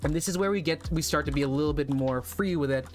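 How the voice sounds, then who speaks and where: A man's voice: a little high, quick pace, soft background music. A man streaming casually, thinking aloud and rambling as he works. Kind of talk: casual livestream chat.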